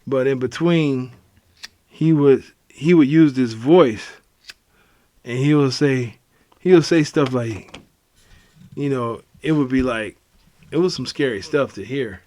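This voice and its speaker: A man's voice: mid-range voice, takes it slowly, pauses often, a little mellow, dry recording. A man co-hosting a podcast in casual chat, telling stories and acting out voices. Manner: storyteller who acts out voices. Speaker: podcast co-host.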